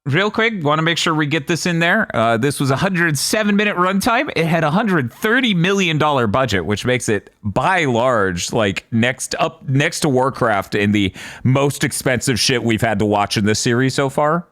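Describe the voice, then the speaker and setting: A man's voice: medium pitch, expressive, moderate pace, fairly bright tone. A man co-hosting a casual movie podcast, wry and amused, laughing often as he talks. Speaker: podcast co-host.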